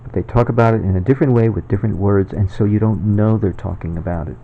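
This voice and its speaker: A man's voice: fairly low pitch, fast, gravelly, a little hiss or hum. A man at home talking in a casual, rambling monologue for his own video, chuckling often. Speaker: video maker. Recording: dull lo-fi recording.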